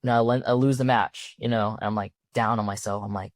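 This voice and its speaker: A man's voice: on the low side, steady tone, fast talker, no echo. A young man, a college wrestler, telling his story in a loose, rambling way with many fillers and restarts. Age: young adult. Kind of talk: casual storytelling.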